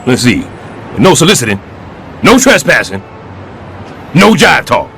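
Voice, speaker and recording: An actor voicing a blustering middle-aged building super in an animated sitcom, boastful and sarcastic. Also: male voice, mid-range voice, unhurried, vocal fry, slight background noise, heavily acted.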